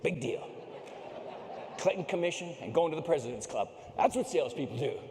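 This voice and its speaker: A man's voice: a little high, brisk, a little hiss or hum. A middle-aged man giving a joking, motivational keynote speech on a stage microphone in a large conference hall. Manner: animated, joking storyteller. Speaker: keynote speaker. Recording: echoey hall with long reverb.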